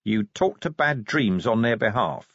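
A man voicing a blunt, stubborn male city watch commander in an audiobook, talking forcefully. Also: medium pitch, expressive, a little slow, creaky, no echo, highs cut off, heavily acted. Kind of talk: audiobook character voice.

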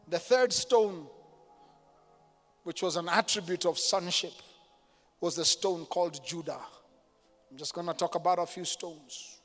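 A man preaching a sermon as a pastor, moving from loud declarations to hushed intensity and calling on the congregation to respond. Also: sits high, normal speed. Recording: long hall reverb with faint music behind.

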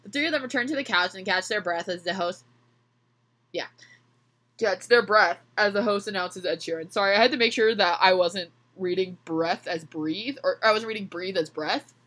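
A woman's voice: medium pitch, normal speed, fairly bright tone. A young woman hosting a podcast, reading fan fiction aloud and breaking off to joke and laugh. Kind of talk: comedic reading with chat.

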